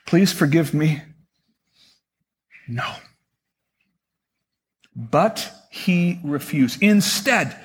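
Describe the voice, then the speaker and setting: Husky-voiced preacher man in his sixties. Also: sits high, fairly bright tone, long reverb tail. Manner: conversational preaching, rhetorical questions. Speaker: pastor. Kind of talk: sermon.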